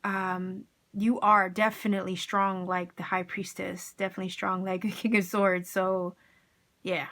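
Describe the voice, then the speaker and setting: This is a woman giving a casual tarot reading at an everyday, mid-range pitch. She talks straight to her viewers in an enthusiastic, encouraging way and drops in plenty of casual slang. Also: level tone, normal speed, pushed and bright. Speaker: tarot reader.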